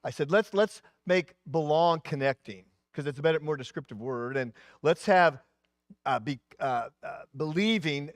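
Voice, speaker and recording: Older guy pastor preaching a sermon, voice goes up and down, kinda high, dry mic. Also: dry recording. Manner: animated preaching, voice rising and dropping, asides.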